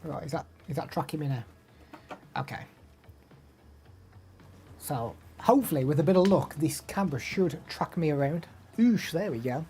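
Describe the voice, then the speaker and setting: A man's voice: a little high, expressive, moderate pace, pauses often, mellow, slight background noise. A young man with an English Midlands accent, chatting casually on a live stream, reading out viewer names and answering them. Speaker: live streamer demoing microphones.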